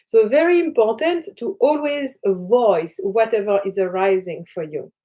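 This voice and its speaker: A woman spiritual teacher talking in her flat, her speech soft and flowing, with repeated phrases and many fillers. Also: medium pitch, a little slow, poor audio. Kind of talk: casual teaching talk.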